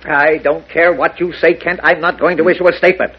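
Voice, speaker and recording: A man's voice: a little high, fairly even intonation, fairly quick, loud music behind the voice, natural voice. An actor playing a flustered, blustering middle-aged male mayor in a 1940s radio drama, on a muffled old broadcast. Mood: exasperated. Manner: blustering, exasperated.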